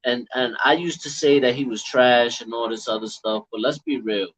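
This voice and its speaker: A man co-hosting a casual sports debate, fired up and slangy, tripping over quick restarts. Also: medium pitch, fairly even intonation, fairly bright tone, slightly rough. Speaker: co-host. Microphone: phone. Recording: muffled phone with faint hiss.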